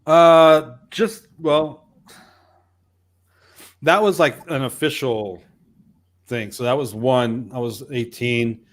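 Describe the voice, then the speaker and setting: A man in his fifties, a missionary pastor, co-hosts a casual chat and tells stories in a rambling, animated way, often restarting. His voice is medium-pitched, and he speaks slowly with long pauses.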